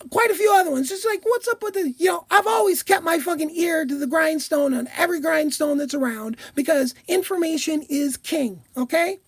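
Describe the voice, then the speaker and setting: Furious, foul-mouthed woman with a very high voice. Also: no room sound. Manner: profane, heated, shouting at times. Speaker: vlogger. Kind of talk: angry political rant.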